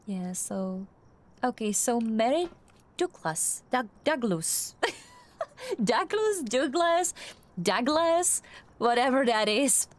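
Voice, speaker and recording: A woman's voice: on the high side, expressive, drawn-out words, long pauses. A young woman streamer with a non-native English accent, chatting through a game with many fillers and restarts. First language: not English. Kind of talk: casual gameplay commentary.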